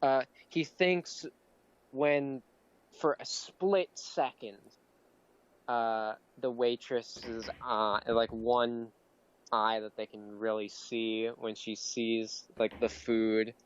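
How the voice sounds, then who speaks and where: A young man narrating a tabletop game as game master, rambling and halting with many fillers. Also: medium pitch, steady tone. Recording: dull lo-fi mic with faint hiss.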